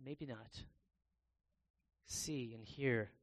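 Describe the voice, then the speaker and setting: A man preaching a sermon in a conversational way, pausing and restarting as he reads scripture aloud. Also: mid-range voice. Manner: bursts into loud, excited acted-out exclamations.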